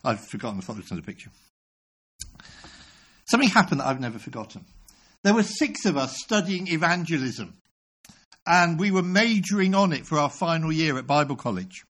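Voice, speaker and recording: A man in his sixties preaching a sermon, telling a story with animated delivery and self-deprecating humor. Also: on the high side, brisk, long pauses.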